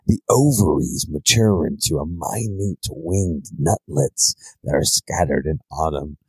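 A man putting on the voice of a stern older man with a cigar and bourbon, reading a herbal text slowly and gravely. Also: very deep voice, a little mellow, no room sound, voice pushed down, exaggerated voice, low-quality recording. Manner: slow, grave, deliberate reading.

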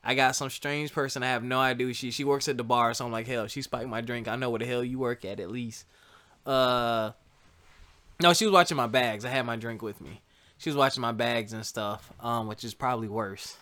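Bright, smooth-voiced man telling a story. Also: mid-range voice, brisk. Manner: animated, laughs often, talks to listeners as y'all. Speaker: co-host telling a couple's story. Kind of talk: casual storytelling chat.

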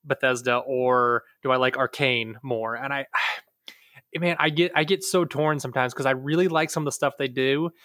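A man's voice: medium pitch, steady tone, moderate pace, sharp tone, dry recording, studio quality. A man in his thirties co-hosting a casual gaming podcast, rambling and joking about himself. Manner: rambling, self-deprecating, jokey. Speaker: podcast co-host.

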